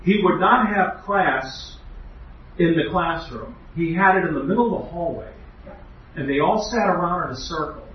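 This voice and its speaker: Guy preaching a doctrine talk, kinda high voice, heard from way back in a booming room. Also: animated, moderate pace. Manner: earnest, emphatic teaching with rhetorical questions. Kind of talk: doctrinal lecture. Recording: echoey hall, distant, muffled.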